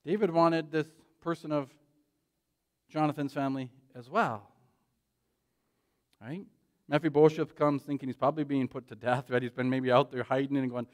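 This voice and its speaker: A man preaching a sermon in a church, animated and conversational, often checking in with "right?". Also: medium pitch, moderate pace, pauses often. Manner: animated, frequent "right?" tag questions. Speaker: pastor.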